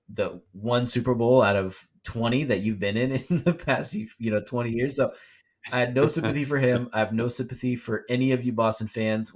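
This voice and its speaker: A young man co-hosting a sports podcast, talking casually and ranting with laughs. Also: on the low side. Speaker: podcast co-host.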